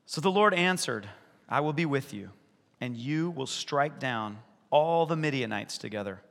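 A man preaching a sermon as pastor, animated, acting out the voices in the stories he retells. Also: medium pitch, a little slow, vocal fry. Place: church sanctuary. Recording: long reverb of a large hall.

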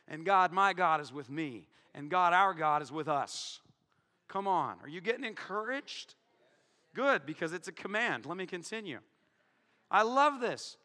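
A man preaches with a bright, high voice that leaps up and drops away as he teases his congregation. He moves from loud calls to hushed asides. The sound carries a long reverb from a large hall. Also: unhurried. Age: adult, married. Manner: animated, joking, swings from loud to hushed. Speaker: pastor. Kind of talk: sermon. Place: church hall before a congregation.

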